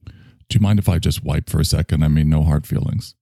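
A man voicing a pompous, tipsy male German psychoanalyst with a put-on German accent, slow and grandiose in his boasting. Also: extremely low pitch, fairly even intonation, dark tone, dry recording, studio quality, voice pushed down. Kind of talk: improvised comedy character.

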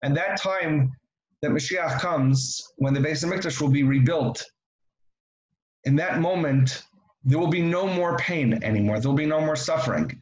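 A Torah teacher gives a lesson, repeating key phrases and posing rhetorical questions. His voice is on the high side, and the low-quality recording is reverberant.

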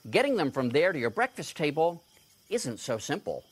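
A man's voice: on the high side, sing-song, moderate pace, slight background noise. A man presenting a light news feature, playful and chatty, moving between narration and interviews. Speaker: correspondent.

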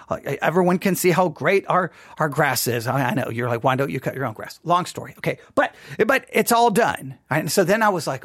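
A man's voice: high voice, fairly bright tone, dry recording. A man telling a chatty, self-deprecating story as the host of a casual devotional podcast recorded in his home studio. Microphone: studio microphone.

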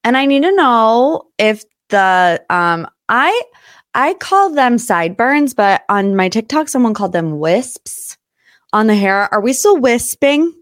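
A woman's voice: a little high, sing-song, takes it slowly, dry recording, clean studio sound. A young adult woman from Ohio hosting her own pop culture podcast in a chatty, bubbly, rambling way. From Northeast Ohio. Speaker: podcast host. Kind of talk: casual chat.

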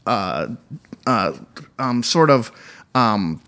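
A man in casual conversation about films, talking haltingly with many fillers and restarts. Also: mid-range voice, lively intonation, sharp tone. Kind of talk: casual chat.

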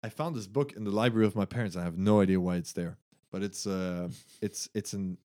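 Laughing, animated man chatting. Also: sits low, brisk. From Germany. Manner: laughing, swearing, animated storytelling with acted-out quotes. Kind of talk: casual chat.

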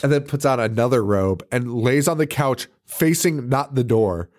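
A man in loose podcast chat about a horror film, his voice sitting at an ordinary middle pitch. He curses freely, laughs often and slips into quick impressions of the characters as he retells the plot. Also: darkish tone. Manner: profane, laughing, acts out characters' lines. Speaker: podcast co-host. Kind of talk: casual movie-recap chat.

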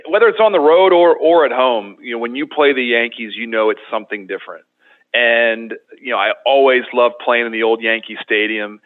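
A man from Baltimore, a former ballplayer, talking casually in an interview with frequent fillers. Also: medium pitch. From Baltimore, United States. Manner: conversational, frequent fillers and restarts. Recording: tinny phone-like line.

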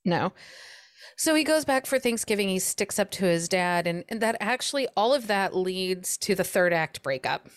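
A woman's voice: medium pitch, normal speed, no room sound, studio quality. Chatty woman discussing a book. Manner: animated, acts out characters' lines with laughs. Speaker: podcast co-host. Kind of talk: casual book chat.

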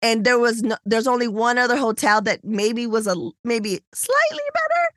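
A woman's voice: on the high side, a little fast, no echo, studio quality. A woman co-hosting a podcast, telling a story in casual chat and acting out the people in it. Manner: animated storytelling, acts out quoted people. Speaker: podcast co-host.

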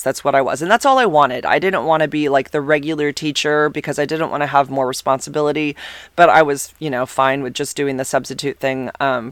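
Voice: medium pitch, fairly bright tone, clear, resonant tone, dry recording, studio quality. A substitute teacher telling a personal story in a casual, rambling way, full of restarts and fillers.

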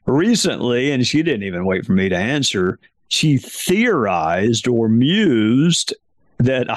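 A man's voice: mid-range voice, no echo, clean studio sound. A middle-aged man, chatting casually as a podcast host in an emphatic, folksy, self-mocking way. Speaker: podcast host answering listener questions. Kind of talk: casual chat.

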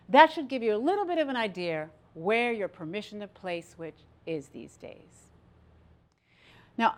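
A middle-aged woman giving a motivational stage talk, playful and animated, drawing the audience into participation. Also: medium pitch. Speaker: speaker. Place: stage before a live audience.

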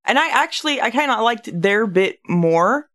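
A speaker co-hosting a podcast in casual chat, talking haltingly with many fillers and restarts. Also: medium pitch, lively intonation, fairly bright tone. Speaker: podcast co-host.

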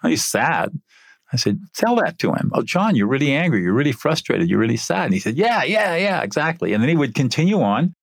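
An older man, an interview guest, telling a story from his work in an earnest, animated way. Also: medium pitch, fairly quick, gravelly, husky, dry recording, clean studio sound.

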